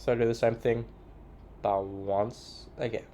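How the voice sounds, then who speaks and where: Casting: young Australian man, slow and easygoing delivery, faint hiss behind. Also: mid-range voice, fairly even intonation, warm tone. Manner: muttering to himself, swearing, singing snatches. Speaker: streamer. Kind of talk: casual live-stream chat while building.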